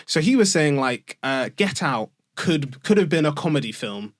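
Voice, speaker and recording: A man's voice: on the high side, moderate pace, no echo, studio quality. A young man chatting casually on a podcast, telling stories with lots of fillers and frequent laughs. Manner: animated storyteller, filler-heavy, laughing often. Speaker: podcast guest or host. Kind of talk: casual chat.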